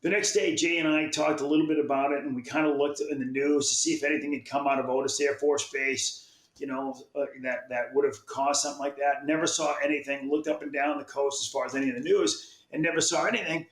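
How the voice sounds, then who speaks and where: A man's voice: fairly high pitch, fairly even intonation, quick pace. A man with a slightly raised voice tells a fishing story in an easygoing, rambling way, stumbling over and repeating his words as he goes. The sound has a noticeable echo, as if from a bare room. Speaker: fishing magazine publisher. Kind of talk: casual storytelling.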